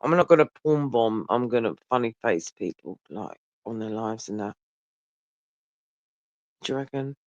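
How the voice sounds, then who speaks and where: A man of medium pitch, speaking at normal speed and pausing often, chats casually with livestream viewers while tired and yawning, rambling and swearing as he goes. He holds the phone very close; the audio is dull, lo-fi and dry with no room sound.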